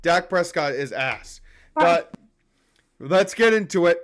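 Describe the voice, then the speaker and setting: A man's voice: a little high, animated, slow, fairly bright tone. A young man hosting a casual sports chat, profane and heated, ranting in bursts. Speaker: podcast host.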